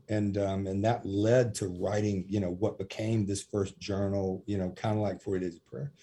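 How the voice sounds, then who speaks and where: A man in ministry telling lively stories in a podcast interview, acting out what people said. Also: lowish voice, a little hiss or hum. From USA. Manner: animated storyteller, acts out quotes with laughs. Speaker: prison minister.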